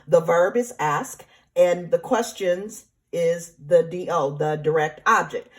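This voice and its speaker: A woman teacher explaining grammar step by step in a recorded lesson, patient and repetitive, often checking in with "right?" and "okay?". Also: lowish voice. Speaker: Spanish teacher. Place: classroom or home, remote teaching.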